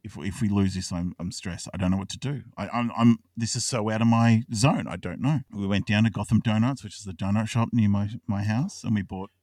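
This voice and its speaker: Aussie guy on a podcast, swearing and laughing through his story, lower voice, dry and a little far from the mic. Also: fairly quick, few pauses, no room sound. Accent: Australian. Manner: excitable storyteller, swears, laughs often, restarts words. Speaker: podcast co-host. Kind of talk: casual chat.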